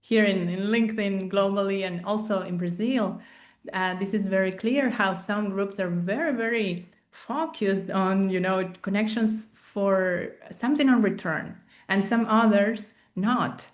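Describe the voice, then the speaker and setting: A woman's voice: medium pitch, unhurried, reverberant. A woman reflecting somewhat hesitantly during a panel discussion over a video call.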